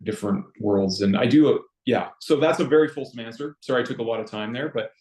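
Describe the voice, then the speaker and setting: A Canadian man sharing a personal spiritual story in a rambling, halting way over a video call. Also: medium pitch, darkish tone, reverberant, poor audio. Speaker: circle participant.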